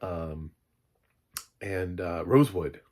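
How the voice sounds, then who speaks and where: A man's voice: deep voice, slow, a little mellow. A man giving a casual, blunt spoken review of a TV show, exasperated and laughing in asides.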